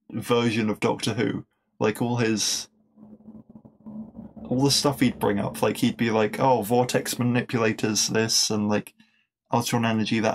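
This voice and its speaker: Gravelly man rambling on a podcast. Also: mid-range voice, a little mellow. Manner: rambling and enthusiastic, many fillers and restarts; laughs at his own jokes. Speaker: podcast host. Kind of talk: casual episode review.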